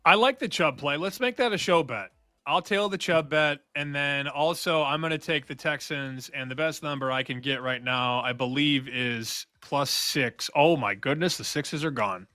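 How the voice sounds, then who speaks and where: A man's voice: fairly high pitch, moderate pace, pushed and bright, no room sound, faint music behind. A man co-hosting a sports betting show, upbeat and joking in casual talk.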